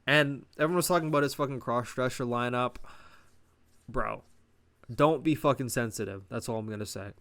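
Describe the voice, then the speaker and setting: A man's voice: mid-range voice, moderate pace, pauses often, fairly bright tone. A young man casually reviewing a wrestling show, swearing often and rambling through a recap. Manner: profane, rambling, laughs at own retelling.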